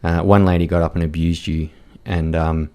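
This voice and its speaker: Blunt deep-voiced man. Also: level tone, moderate pace, a little mellow. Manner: blunt, profane, rambling with many fillers. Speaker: podcast guest, war reporter. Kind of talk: casual storytelling chat.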